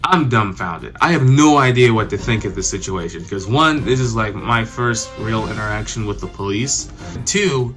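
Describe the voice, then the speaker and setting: A young man tells a personal story to his viewers, animated and chatty, with plenty of filler words. His voice sits in a middling pitch. Background music runs under his voice. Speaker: vlogger. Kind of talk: storytime narration.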